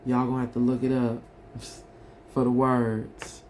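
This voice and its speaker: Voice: medium pitch, level tone, takes it slowly, a little mellow, a little hiss or hum. A tarot reader giving a collective reading in a casual, chatty way, talking straight to the viewers.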